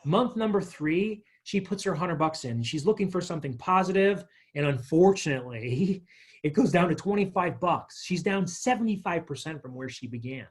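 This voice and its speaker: A man presenting a financial literacy workshop, walking listeners through a workbook in an energetic, chatty way with little stories. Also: on the high side, moderate pace, slightly rough. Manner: energetic, chatty, tells stories with acted quotes.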